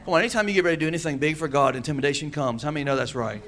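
A pastor preaching a sermon, calling out to the congregation and acting out quoted voices with humor. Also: male voice, fairly high pitch, racing, fairly bright tone. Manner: preaching with call-and-response asides.

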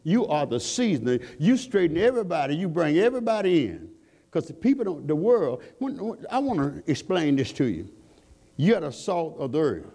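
Man preaching with lively, swooping pitch. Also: normal speed, creaky. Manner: call-and-response preaching, rising to fervent peaks; rhetorical questions to the congregation. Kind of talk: sermon.

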